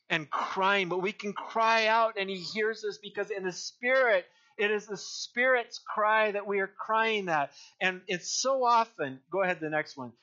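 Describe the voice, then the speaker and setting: An older male pastor preaches in an earnest, rambling way, doubling back on his words and rising to cry out key phrases. His voice sits high and sounds bright and forceful. The recording is dull and lo-fi. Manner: earnest, rambling with many restarts and crying-out emphasis. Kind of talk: sermon.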